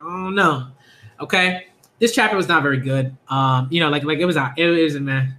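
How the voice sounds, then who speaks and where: A man rambles through a casual reaction stream, circling back on himself with likes and you-know-what-I-means. His voice sits high and bright, edging on tense. The room around him rings with echo. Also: fairly quick. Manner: rambling, repetitive fillers, bursts of high laughing excitement. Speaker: manga reaction youtuber.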